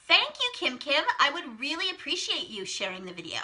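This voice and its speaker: Hosting a live phonics lesson for little kids, this young woman talks briskly in a high-pitched voice. She's bubbly and encouraging, gasping with excitement as she reads the children's guesses aloud and praises each of them.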